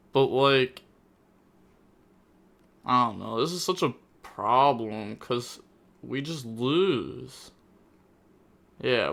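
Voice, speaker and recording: Bright-voiced young man calling a card game. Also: medium pitch, clear, resonant tone. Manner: fast, exasperated, bursts into loud outbursts. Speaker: host commentating a card game replay. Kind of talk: gameplay commentary.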